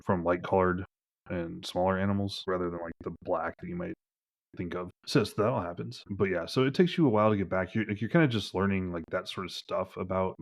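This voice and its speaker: Low-voiced rambling male game master. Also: gravelly. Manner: rambling, heavy on "like" fillers. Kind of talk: narrating a tabletop game.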